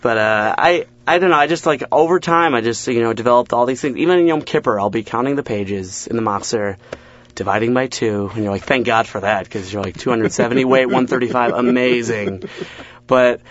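A man's voice: medium pitch, fairly quick. A young man, a comedian guest in a casual interview, rattling off stand-up jokes with acted-out asides and self-deprecating laughs. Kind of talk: casual interview chat, telling stand-up bits. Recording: dull lo-fi sound.

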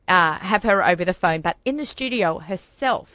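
A woman's voice: on the low side, animated, normal speed, no echo, dull audio. A woman hosting a radio talk show in a studio, chatty and bubbly, talking with lots of fillers.

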